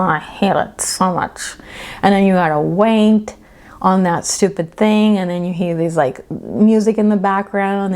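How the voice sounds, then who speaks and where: A woman with a lowish, slightly mellow voice gives a casual pick-a-card tarot reading. She's chatty and emphatic, laughing between points and often checking in with "okay?"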